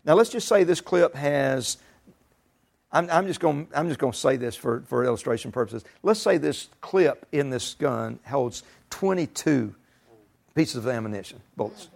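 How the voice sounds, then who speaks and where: A man's voice: medium pitch, expressive, moderate pace, creaky. A middle-aged man preaching a sermon in a folksy, emphatic way. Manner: folksy, emphatic, rising to shouts and laughter. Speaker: pastor.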